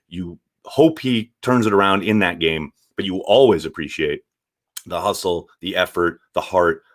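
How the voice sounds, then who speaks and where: A man hosting a casual live stream, reading viewer chat and giving blunt, animated takes with the odd swear. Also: sits low. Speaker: sports show host reading viewer chat.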